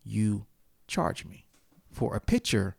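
Speaking slowly in a fairly low voice with vocal fry, a man hosts a casual ranting chat. He tells heated stories full of profanity and abrupt outbursts. The audio is clean studio sound with no echo.

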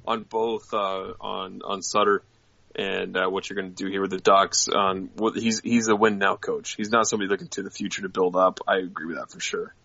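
A man with a low but bright, forceful voice co-hosts a casual fan podcast and states his opinions firmly. His mic sounds dry and a bit dull, like a cheap lo-fi setup. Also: little pitch movement, brisk, gravelly, dry recording. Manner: opinionated, reads viewer chat questions aloud. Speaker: co-host of a hockey fan show.

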